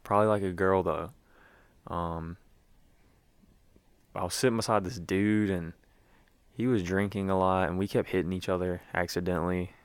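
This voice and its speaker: A man's voice: deep voice, smooth, dry recording. A man hosting a sports podcast, talking in a loose, rambling way with plenty of fillers. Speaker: podcast host. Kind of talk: casual sports podcast talk.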